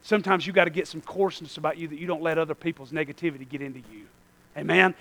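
High, gravelly preacher shouting and hushing. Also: male voice, steady tone, very fast, no echo. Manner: swings from hushed asides to shouted preaching; folksy, calls to the congregation. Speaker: pastor. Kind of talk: sermon.

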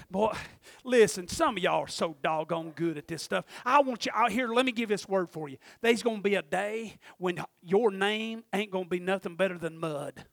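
A middle-aged man preaching a sermon, swinging from hushed murmurs to shouted fervor. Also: high voice, moderate pace, creaky, no room sound, clean studio sound.

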